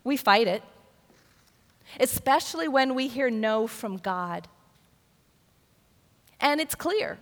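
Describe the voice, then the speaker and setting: A woman's voice: on the high side, expressive, slow pace, long pauses. An older woman preaching a sermon, telling a personal story and often repeating words as she restarts. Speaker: pastor. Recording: long reverb of a hall.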